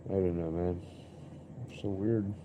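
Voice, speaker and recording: A man's voice: low voice, fairly even intonation, measured pace, narrow, tinny audio, noisy background. A young man streaming live, rambling and musing aloud in an introspective way, often repeating himself.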